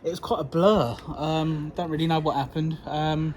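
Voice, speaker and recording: Quiet, hesitant young man. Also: a little high, steady tone, normal speed, a little hiss or hum. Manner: quiet, hesitant, mumbled replies. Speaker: the host's son. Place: at home, indoors.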